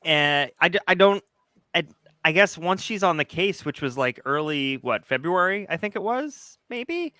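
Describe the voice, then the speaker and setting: A man's voice: a little high, lively intonation, normal speed, bright, forceful tone, dry recording, studio quality. A man co-hosting a casual true-crime chat, rambling and hesitant at times. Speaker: co-host.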